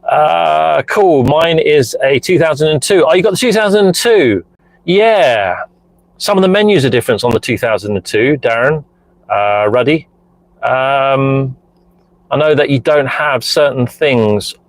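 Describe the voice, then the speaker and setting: This middle-aged man has a medium-pitched voice and talks a little slowly, answering viewer messages in a rambling, casual live-stream chat meant for driving. The car is parked in a lay-by, his phone is mounted hands-free, and the recording is rough but has no room sound.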